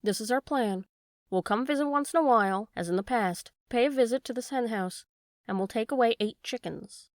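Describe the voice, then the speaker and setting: A woman's voice: on the high side, a little fast, no echo, clean studio sound, natural voice. A woman voicing a sly female weasel who talks sweetly and coaxingly in a storybook reading.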